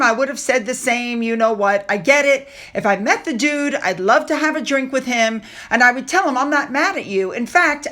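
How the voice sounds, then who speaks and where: A woman talks through a casual commentary vlog in a high, bright voice. Her delivery is chatty and sarcastic, and she often stops to read out quotes. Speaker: commentary channel host.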